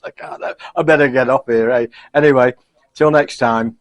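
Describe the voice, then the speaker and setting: A middle-aged man giving a casual, rambling sign-off to camera from a home kitchen, halting with lots of fillers, chuckling and self-deprecating. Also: mid-range voice, fairly even intonation, no room sound. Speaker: cooking vlogger. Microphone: camcorder.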